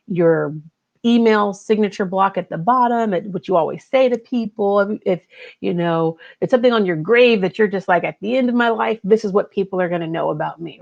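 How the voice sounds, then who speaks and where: A woman's voice: fairly low pitch, darkish tone, dull audio. A woman hosting a podcast as a life coach, giving a conversational motivational talk and repeating her key phrases.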